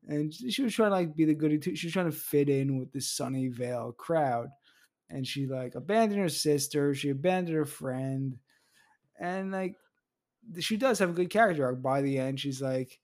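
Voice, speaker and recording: A man on a casual podcast, telling stories in a lively way with lots of filler words. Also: medium pitch, normal speed. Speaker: podcast panelist. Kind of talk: casual chat.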